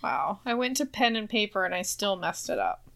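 A woman's voice: medium pitch, a little fast, a bit bright. A woman co-hosting a podcast in casual chat, laughing often and teasing. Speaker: podcast co-host.

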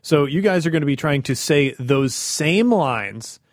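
A man's voice: fairly high pitch, expressive, unhurried, no echo, studio quality. A man co-hosting a podcast, encouraging and coaching the others in casual chat.

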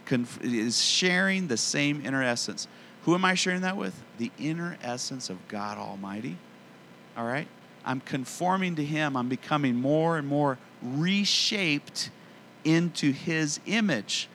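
A middle-aged man preaching a sermon in an earnest, conversational way, slowing down to stress key phrases. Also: fairly high pitch, expressive, a bit bright, a little hiss or hum. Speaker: pastor.

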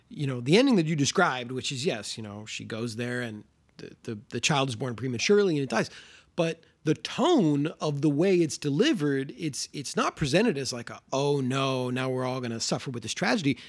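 A man co-hosting a casual film podcast, often acting out characters' lines in a higher voice. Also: expressive, moderate pace, breathy edge. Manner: acts out characters' lines in a raised voice. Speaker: podcast co-host.

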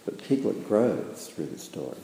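A man giving a reflective spiritual talk in a thoughtful, hesitant way, with many pauses and fillers. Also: low-pitched, sing-song, gravelly, warm tone. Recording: echoey hall with long reverb.

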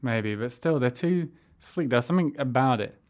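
A man's voice: mid-range voice, animated, moderate pace, darkish tone. Teasing man in casual chat. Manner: argumentative, teasing. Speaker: podcast co-host.

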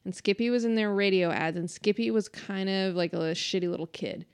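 A woman's voice: medium pitch, brisk, smooth, dry recording. A woman co-hosting a podcast in casual chat, talkative, laughing often and saying "like" a lot. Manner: chatty, laughing, uses "like" a lot. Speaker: podcast co-host.

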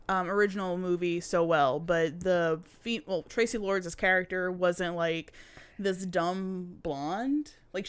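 A woman co-hosting a casual podcast chat, chatty and quick to laugh. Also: on the low side, smooth, dry recording. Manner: chatty, laughs often, says "like" a lot. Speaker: podcast co-host.

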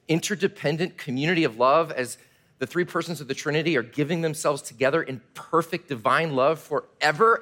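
Animated male pastor preaching. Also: fairly high pitch. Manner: animated preaching, drops to a hush for quiet moments. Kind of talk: sermon.

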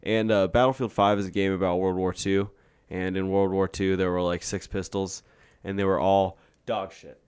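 A man's voice: low-pitched, flat delivery, normal speed, darkish tone, smooth. A young man co-hosting a podcast, talking casually in a rambling way with many restarts and laughs. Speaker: podcast co-host. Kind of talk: casual chat.

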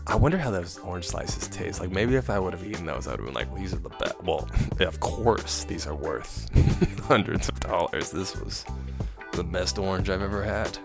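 A man's voice: deep voice, sing-song, moderate pace, vocal fry, music in the background. A young man casually recounting a travel mishap, rambling and self-mocking, often laughing as he tells it. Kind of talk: casual storytelling to camera.

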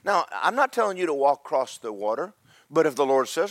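A man's voice: on the high side, very animated, a little fast, no room sound. A man preaching a sermon, telling Bible stories in a folksy, joking way with voices for the characters. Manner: folksy storytelling with comic voices.

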